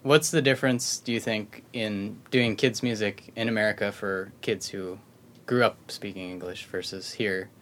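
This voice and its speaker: A man hosting an interview who asks curious, relaxed questions and laughs along with his guest. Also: fairly low pitch, normal speed, a little hiss or hum. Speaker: podcast host.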